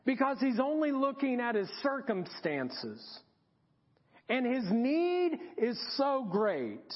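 A man's voice: very high voice, big pitch swings, slow pace. A man preaching a sermon as pastor, emphatic and repeating his key points. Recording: dull recording with long hall reverb.

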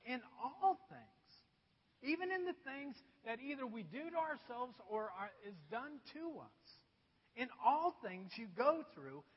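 A man with a strikingly high voice delivers a sermon, spinning a funny self-deprecating anecdote for his congregation. The sound is dull and muffled, and a long hall reverb trails behind each phrase. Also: sing-song, unhurried, husky. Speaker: pastor. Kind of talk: sermon with personal storytelling. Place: church.

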